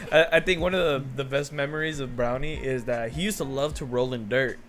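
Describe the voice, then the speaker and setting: A young man in casual podcast chat, laughing through his stories and cursing freely. His pitch sits in an ordinary middle range. Faint music plays under the talk. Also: normal speed. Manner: laughing storyteller, swears freely. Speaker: podcast co-host.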